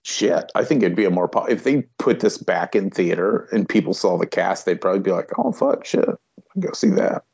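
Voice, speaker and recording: A man's voice: low-pitched, fairly quick, gravelly, hardly any pauses, darkish tone, husky, dry recording, muffled recording. A man co-hosting a podcast, talking bluntly and swearing freely in a casual movie chat. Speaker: podcast co-host.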